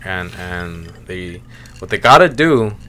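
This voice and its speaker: A man's voice: low-pitched, slow. A man in casual podcast chat, animatedly retelling a story and acting out the people in it. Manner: animated storyteller, acts out voices while retelling. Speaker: podcast co-host.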